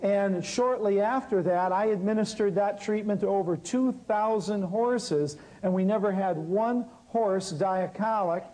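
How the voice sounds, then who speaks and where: A man telling a lively story about his work as an herbal healer, acting out the people he quotes. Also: high-pitched, unhurried, few pauses, poor audio. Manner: animated storyteller, acts out quotes. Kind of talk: storytelling talk.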